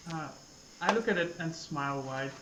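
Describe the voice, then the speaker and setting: Playful player in an echoey room. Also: male voice, fairly high pitch, moderate pace, noisy background. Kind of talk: casual in-character chat in a tabletop game.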